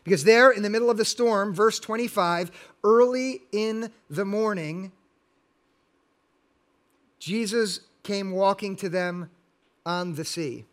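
Earnest high-voiced male preacher. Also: takes it slowly, long pauses, fairly bright tone. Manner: earnest, building to emphatic exhortation. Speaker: pastor. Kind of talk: sermon.

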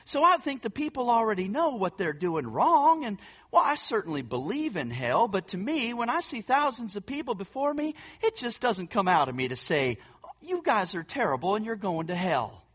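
A man putting on a soft, hesitant to impersonate a gentle-spoken preacher. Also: sits high, sing-song, slightly rough, voice pushed up, heavily acted. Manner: halting, hedging, gentle.

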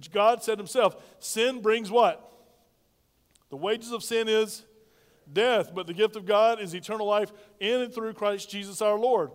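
A man's voice: high voice, in a large hall. A male pastor preaching a sermon, calling on the congregation to repeat lines after him. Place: church sanctuary.

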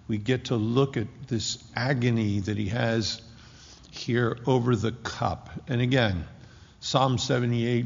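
A man preaching a sermon with impassioned, slowly drawn-out emphasis. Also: mid-range voice, vocal fry. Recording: dull lo-fi with long hall reverb.

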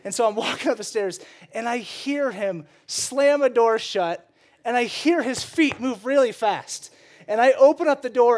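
A young man preaching a sermon. He is animated and joking, and he laughs often as he retells stories. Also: very high-pitched. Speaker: pastor.

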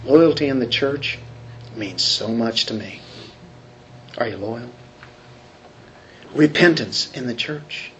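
A man's voice: medium pitch, slow, pauses often, a little hiss or hum. A man preaching a sermon, talking conversationally and asking the congregation questions. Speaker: pastor.

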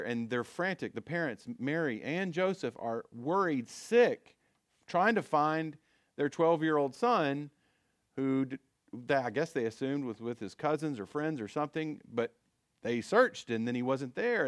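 Male pastor, conversational sermon, medium pitch, dry close sound. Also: no room sound. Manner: conversational preaching with frequent restarts and fillers.

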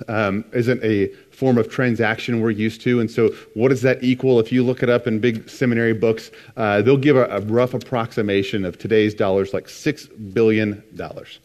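A man's voice: mid-range voice, fairly even intonation, normal speed, few pauses, a little mellow. A man preaching a conversational sermon, retelling scripture with casual asides. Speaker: pastor.

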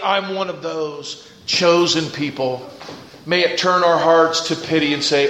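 A man preaching in church, his slightly high voice climbing into fervent peaks as the sermon turns to prayer. A faint hiss sits under the recording. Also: fairly even intonation, unhurried, a bit bright, poor audio. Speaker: pastor.

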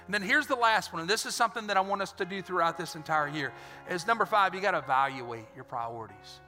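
A pastor preaching with lively energy, his voice fairly high and strikingly bright and sharp. He swings between punchy exhortation and dramatized scenes. The sound carries long reverb in a church hall with soft music beneath. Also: quick pace. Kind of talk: sermon.

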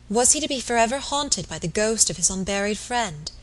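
Woman, audiobook narrator, classic novel, measured reading. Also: mid-range voice, animated. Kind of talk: novel read aloud.

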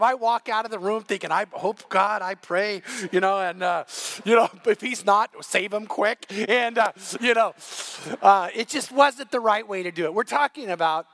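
A middle-aged man preaching a sermon as pastor, telling a story with animated, rising delivery that climbs to near shouting. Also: sits high.

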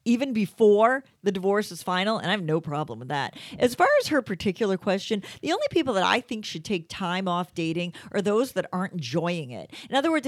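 A woman's voice: medium pitch, no echo, clean studio sound. A middle-aged woman co-hosting a podcast, talking off the cuff in a chatty, opinionated way. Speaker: podcast co-host. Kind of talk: casual chat.

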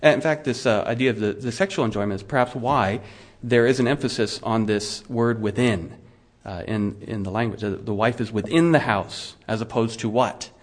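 A man's voice: fairly low pitch, steady tone, a little fast. A middle-aged male pastor preaching a sermon in a conversational way, asking his listeners questions and often restarting his words. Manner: frequent restarts and repeated words.

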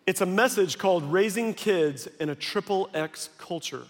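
A male pastor preaching a sermon, telling stories with lively acted quotes. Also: high voice, moderate pace, few pauses. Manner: animated storytelling with acted quotes. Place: large church hall. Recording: long hall reverb.

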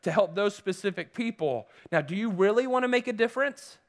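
A preacher retelling the words of a blunt, daring middle-aged man who speaks matter-of-factly and pushes hard. The voice stays high and close to the teller's own. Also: animated, fairly quick. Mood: pushy. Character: blunt, adventurous middle-aged male friend.

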